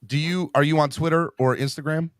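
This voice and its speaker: A man hosting a fan podcast in an excitable, casual way. He repeats himself and keeps calling people "man" and "bro". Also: on the high side, fairly quick, smooth, no echo, clean studio sound. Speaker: podcast host. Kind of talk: casual chat.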